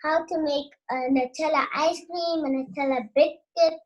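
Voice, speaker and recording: A young guest on a video call, reading a menu aloud with hesitant pauses and restarts. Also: female voice, high-pitched, fairly even intonation, muffled recording. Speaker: kid entrepreneur guest.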